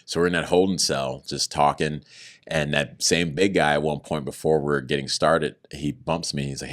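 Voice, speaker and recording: A man's voice: very deep voice, normal speed. A man recounting his own story as a podcast guest, earnest about his faith and acting out the words of others as he goes. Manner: animated, acts out other people's words in raised voices; earnest, religious testimony. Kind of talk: personal storytelling in conversation.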